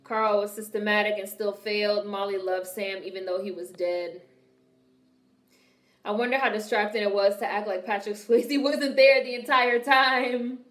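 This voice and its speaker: A woman's voice: mid-range voice, fairly even intonation, normal speed, fairly bright tone. A young woman from Washington, D.C., hosting a film reaction video, talking bluntly with profane wisecracks. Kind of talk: casual film reaction commentary. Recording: roomy echoey room.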